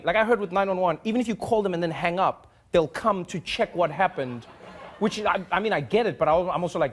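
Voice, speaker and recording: A man jokes his way through comedic commentary and acts out quoted phone calls. His voice is very high. Clear background noise runs under him. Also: fast talker.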